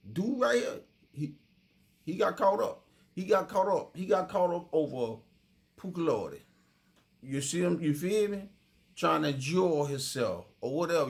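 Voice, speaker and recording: Streetwise male commentator, gravelly and a little high, casual and conversational. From Miami. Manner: streetwise, repeats "you feel me" often. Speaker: true crime commentator.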